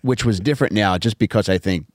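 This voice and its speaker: A man's voice: lowish voice, quick pace, no room sound. A middle-aged man hosting a podcast, telling crude stories in a rambling, joking way and mocking the people in them. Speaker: podcast co-host. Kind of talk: casual comedic chat.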